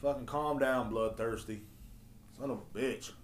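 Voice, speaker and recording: A man's voice: medium pitch, a little slow, slight background noise. A man ranting profanely and rambling as a podcast host. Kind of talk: casual solo rant. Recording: roomy echo.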